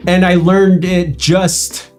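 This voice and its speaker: A man's voice: high voice, level tone, slow pace, a little mellow, soft background music. A young man, Spanish-speaking since childhood, telling stories in casual livestream chat and laughing often. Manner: chatty storyteller, laughs often. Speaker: co-host of livestream.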